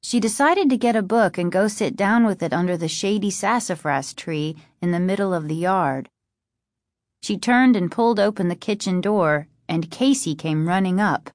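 A woman narrates a chapter book in a steady, even storytelling voice. Her pitch sits in the middle range for a woman. The recording is close and dry. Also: moderate pace, no echo. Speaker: audiobook narrator. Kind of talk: scripted narration.

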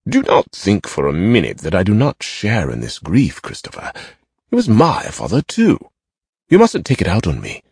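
A man's voice: lowish voice, wildly swooping pitch, moderate pace, a little mellow, husky, no echo, studio quality, voice pushed up, exaggerated voice. A man voicing a haughty, mocking young plantation master who talks with cruel, theatrical scorn. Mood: indignant.

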